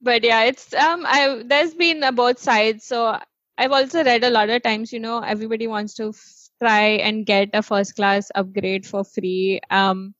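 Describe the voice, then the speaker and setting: A woman's voice: a little high, fairly even intonation, moderate pace, fairly bright tone, dry recording, dull audio. A woman co-hosting a casual chat, talking freely with frequent laughs and many "um"s. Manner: chatty, laughs often, many fillers.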